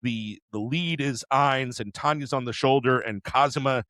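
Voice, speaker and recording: A man co-hosting an anime podcast, retelling episodes in an animated way with quick character impressions and frequent laughs. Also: mid-range voice, no room sound. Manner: laughs often. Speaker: podcast co-host. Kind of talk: casual anime discussion.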